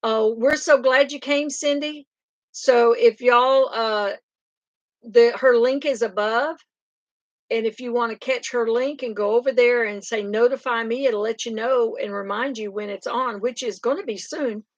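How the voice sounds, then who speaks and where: Older woman, rambling chatty stream host, slightly high voice. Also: steady tone, a little slow, no room sound, dull audio. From Oklahoma. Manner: chatty, rambling, laughs often. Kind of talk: casual chat reading comments.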